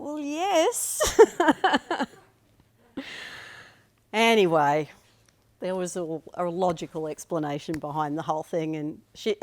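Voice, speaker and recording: A woman's voice: low-pitched, a little mellow. A woman in her fifties telling a personal story at a live storytelling night, chatty and self-amused, with trailing restarts. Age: 50s.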